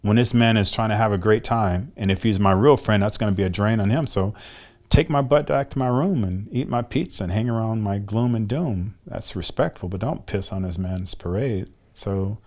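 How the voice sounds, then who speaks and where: A man's voice: fairly low pitch, normal speed, a little mellow. A middle-aged man, a former bodybuilder, speaking as an interview guest and telling candid stories with emphatic, acted-out dialogue and blunt swearing.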